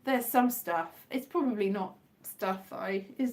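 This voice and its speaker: A woman's voice: mid-range voice, moderate pace. A woman chatting casually on a livestream, rambling and self-mocking with a wry tone. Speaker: livestream host.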